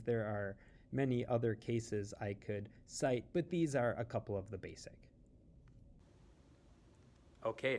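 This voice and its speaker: A man explaining Spanish grammar in English at an unhurried, deliberate pace. His pitch sits in an ordinary middle range, and he slows down further to repeat each example question with care, like a patient tutor. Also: darkish tone. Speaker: Spanish teacher.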